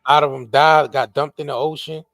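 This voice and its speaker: A man hosting a podcast, talking in a casual, profane, animated way with many restarts. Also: a little high, brisk, creaky, no room sound, studio quality. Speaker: podcast host. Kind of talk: casual chat.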